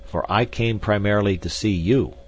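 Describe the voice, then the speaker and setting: A man reading an audiobook, voicing an earnest, insistent male suitor who speaks deliberately. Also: on the low side, breathy edge, voice pushed up.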